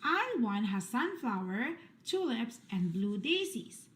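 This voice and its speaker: A woman reads a picture book aloud for children, taking her time over each line. Her voice is fairly high and swoops up and down with lively, sing-song emphasis. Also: measured pace. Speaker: storybook reader.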